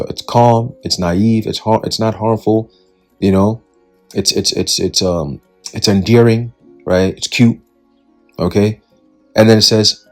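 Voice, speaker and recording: A man's voice: on the low side, a little mellow. A man giving Bible prophecy commentary in an emphatic, repetitive way, often checking in with "right?" and "okay?". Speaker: online commentator.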